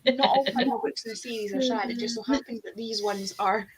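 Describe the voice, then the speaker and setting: A woman's voice: a little high, a little fast, a crowd in the background, low-quality recording. A woman in casual chat on a video call, telling stories with acted-out reactions. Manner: animated storyteller, acts out reactions. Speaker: booktuber on a group call.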